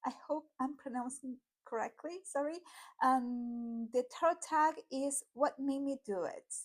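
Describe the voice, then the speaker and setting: A woman's voice: high voice, a little slow. A woman from Argentina with an Argentine Spanish accent, Spanish as her first language, chatting casually through a tarot deck vlog, full of fillers and little apologies. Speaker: tarot YouTuber.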